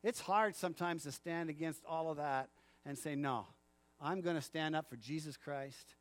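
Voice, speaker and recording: High-voiced animated man preaching. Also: moderate pace. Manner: animated, acts out quotes, laughs often. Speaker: pastor. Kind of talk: sermon. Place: church.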